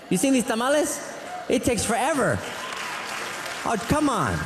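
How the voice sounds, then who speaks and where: Guy doing standup, high voice all over the place, echoey hall w/ a bit of crowd. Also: slight background noise. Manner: rambling, animated storytelling with asides. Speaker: stand-up comedian. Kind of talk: stand-up routine.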